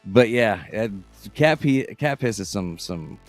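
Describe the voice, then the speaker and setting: A man's voice: mid-range voice, a bit bright, dry recording. A man co-hosting a casual podcast. He swears heavily and rambles, often restarting words partway through. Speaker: podcast co-host. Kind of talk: casual chat.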